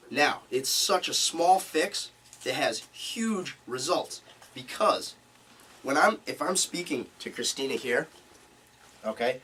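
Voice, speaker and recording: Recorded from afar, a seminar instructor addresses a group live, stressing and restating his main points. He has a husky, medium-pitched voice with a bit of brightness.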